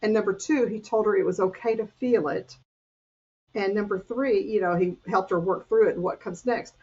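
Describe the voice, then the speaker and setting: An older woman with a breathy, husky voice speaks earnestly, sharing personal struggles in a faith-based podcast conversation. She restarts her sentences often as she works through her thoughts. The recording is dull and lo-fi. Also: mid-range voice, moderate pace, darkish tone. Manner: earnest, confessional, with frequent restarts. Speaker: weight-loss coach.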